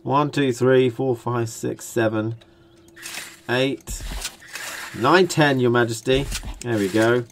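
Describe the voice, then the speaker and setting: A young British man chats his way through a building game, thinking aloud and joking as he goes. His voice sits at an ordinary middle pitch, with a faint hiss behind it. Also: slow pace, pauses often. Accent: British English. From Britain. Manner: rambling, jokey, thinks aloud while building. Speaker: gaming channel host. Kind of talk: casual let's-play commentary.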